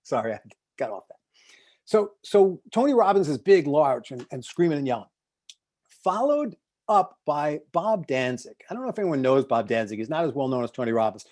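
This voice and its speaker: Animated middle-aged coach on a call. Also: male voice, on the high side, moderate pace. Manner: animated storytelling, shifting between loud bursts and hushed asides. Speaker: success coach and speaker. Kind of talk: motivational talk on a video call. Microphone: video call.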